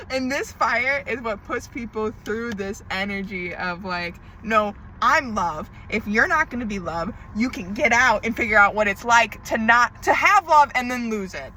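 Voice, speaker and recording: A woman's voice: a little high, expressive, moderate pace, hardly any pauses, pushed and bright, a little hiss or hum, low-quality recording. A woman tarot reader in an emotional diary-style monologue, venting with frequent swearing and emphatic repetition.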